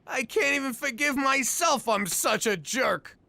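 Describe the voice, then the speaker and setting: Brief: high, raspy-edged wisecracking cartoon mobster, swings all over in pitch. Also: male voice, animated, a little slow, sharp tone, no echo, full character voice. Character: brash, blundering male mobster in hiding. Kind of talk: animated sitcom voice acting.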